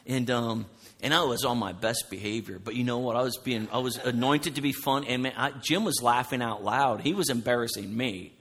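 Loud guy preaching a sermon, sharp bright voice, big echoey church hall. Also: mid-range voice, a little fast, husky. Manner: loud, animated storytelling. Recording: long hall reverb.

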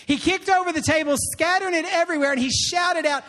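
Male pastor, high voice, animated call-and-response preaching style. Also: fast talker. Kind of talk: sermon.

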